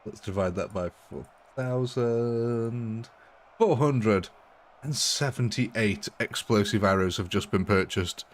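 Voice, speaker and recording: Chatty gaming streamer. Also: male voice, on the low side, takes it slowly. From English Midlands. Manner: chatty, laughs often. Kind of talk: live gameplay commentary.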